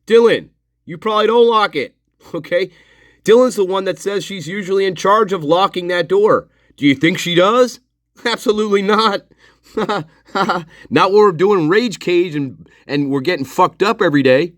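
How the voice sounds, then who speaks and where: A man's voice: high voice, normal speed, no echo, clean studio sound. A man commenting on interview footage in an angry, sarcastic, profane rant.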